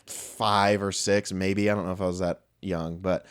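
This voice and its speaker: A young adult podcast co-host tells a long, meandering anecdote in a low, clear, resonant voice with little pitch movement and a moderate pace. The conversation is casual, and he swears often and adds joking asides.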